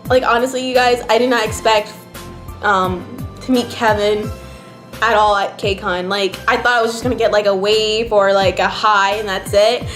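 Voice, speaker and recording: A young woman from New Jersey vlogs in a casual chat, rambling and emotional and filling her speech with "like." Her medium-pitched voice is steady and fairly bright at a moderate pace, recorded with roomy echo and faint background music.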